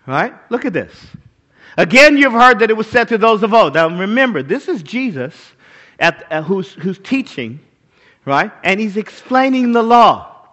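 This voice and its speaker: A man preaching with a high, bright voice that rises and falls a great deal. He is emphatic and keeps asking his listeners to agree. The recording is dull and lo-fi. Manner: animated, emphatic, asks the crowd for agreement. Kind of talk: sermon.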